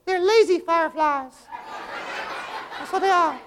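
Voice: extremely high pitch, measured pace, fairly bright tone, a little hiss or hum, pitched above the performer's own voice. A performer voicing a slangy, girl-crazy young guy who insists space is make-believe and keeps calling his partner dog. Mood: goofy. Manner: calls everyone dog, drawling slang, mock sympathy. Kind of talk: comedy double act.

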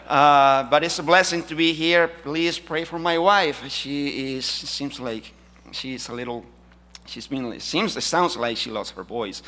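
Middle-aged guy preaching, bright tense voice, jokey then gets loud n emphatic. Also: medium pitch, unhurried, a little hiss or hum. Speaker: guest preacher. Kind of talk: sermon.

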